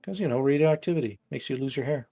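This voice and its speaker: A man's voice: mid-range voice, fast talker, gravelly, mellow, slightly rough, faint music behind. A man streaming a puzzle game in playful, teasing casual chat who laughs easily.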